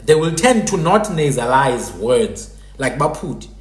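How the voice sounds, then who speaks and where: A man's voice: mid-range voice, very animated, measured pace, reverberant. A man hosting a live stream, explaining in a casual lecturing way and repeating sounds to demonstrate them. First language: Sephuthi.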